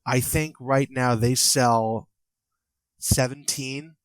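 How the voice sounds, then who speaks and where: An American man co-hosting a podcast in casual chat, halting and hesitant, with many fillers. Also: mid-range voice, fairly even intonation, no room sound. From United States. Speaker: podcast co-host.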